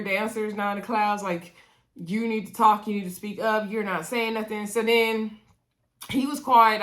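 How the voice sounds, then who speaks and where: A woman's voice: mid-range voice, fairly bright tone. A woman recapping a reality dating show in a casual, chatty way, with an African American English accent, acting out quotes and talking straight to viewers. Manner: chatty, retells scenes with quoted voices and asides to viewers.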